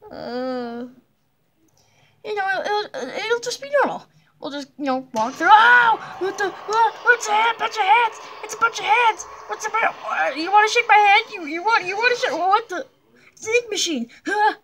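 A woman plays a jumpy young blocky hero in a cartoon adventure, her high voice swinging widely in pitch. The character is hesitant, full of nervous pauses and yelps.

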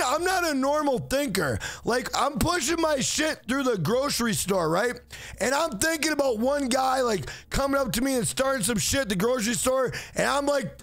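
Hyped, shouting, profane young streamer man. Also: very high-pitched, no echo. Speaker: livestreamer. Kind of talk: loud casual livestream chat.

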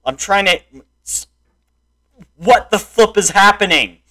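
A young man in raging gameplay commentary, frustrated, swinging between muttered complaints and loud shouts at the game. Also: high voice, lively intonation, slow pace. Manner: frustrated, yelling and insulting the game. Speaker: gameplay streamer.

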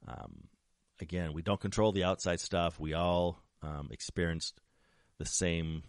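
A man hosting a talk show, explaining ideas in a measured, lecturing way with frequent ums and restarts. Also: sits low, gravelly, no room sound, clean studio sound. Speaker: podcast host, criminologist.

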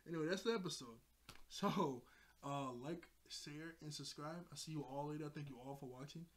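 Sitting in a chair at home, a young man reviews an anime episode in casual, rambling chat, laughing often and repeating himself. His voice is a little high and fairly quick.

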